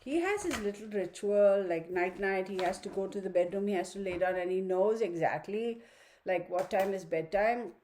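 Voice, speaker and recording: A woman's voice: medium pitch, moderate pace, darkish tone, a little hiss or hum. A woman giving a chatty, opinionated tarot reading from her home study, talking to viewers and her dog. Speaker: tarot reader. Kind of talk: casual online tarot reading.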